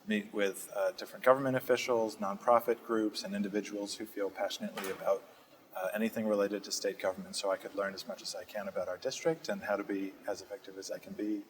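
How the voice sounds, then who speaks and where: A young man, answering interview questions in a steady, thoughtful way with frequent fillers, in a community TV studio. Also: lowish voice, fast, slight background noise, low-quality recording. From Massachusetts. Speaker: state representative guest.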